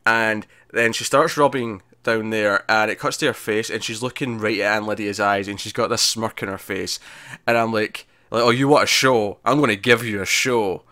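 Bright-voiced man chatting on a podcast. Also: fairly low pitch, moderate pace, clear, resonant tone, no echo. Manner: animated, laughing retelling with many fillers and restarts. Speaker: podcast host reviewing a TV episode. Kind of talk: casual chat.

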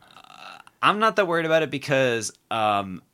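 A man's voice: medium pitch, very animated, moderate pace, background noise. A man hosting a podcast in casual political chat, rambling with lots of fillers and restarts. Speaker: podcast host.

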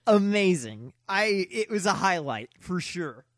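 Lively-pitched excitable podcast co-host. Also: measured pace, no room sound, clean studio sound. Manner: enthusiastic, swears freely. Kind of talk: casual chat.

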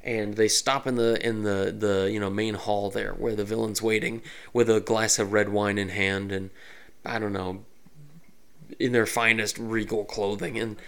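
A man's voice: lowish voice, measured pace, creaky, clean tone. A man talking casually on his solo podcast as a game master. He rambles with lots of fillers and asides. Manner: rambling, animated, many fillers.

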